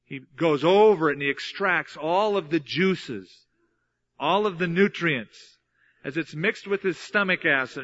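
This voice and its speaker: A man's voice: on the high side, a bit bright, highs cut off. A man preaching a sermon, teaching earnestly from the Bible and repeating key phrases for emphasis. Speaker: pastor.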